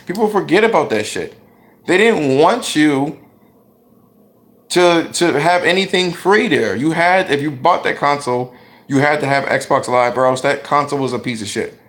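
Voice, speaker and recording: A man's voice: a little high, fairly bright tone. A man giving blunt, profane gaming commentary, ranting in a talkative vlog style.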